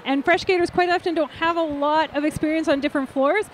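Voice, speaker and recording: A woman's voice: high voice, steady tone, fast, a little hiss or hum. A woman commentating a live roller derby bout, chatty and jokey, often laughing at her own puns.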